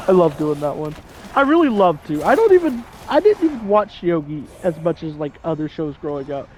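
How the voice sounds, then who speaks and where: A man in his twenties with a fairly high voice talks through a video game in loose, rambling commentary. He keeps amusing himself and laughing at his own jokes. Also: sing-song, fairly quick, a little mellow, a little hiss or hum. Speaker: gaming channel host. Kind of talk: casual let's-play commentary.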